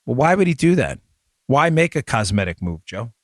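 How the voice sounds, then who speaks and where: A man hosting a talk show, speaking rapidly and emphatically and addressing listeners directly on a close studio mic. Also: mid-range voice, big pitch swings, dry recording. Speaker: show host. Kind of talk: opinion talk show monologue.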